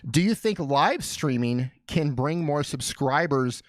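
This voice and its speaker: In a small studio, a man hosts a casual live Q&A, excitedly joking and welcoming viewers by name. His pitch is fairly high, he takes his time, and there's no echo.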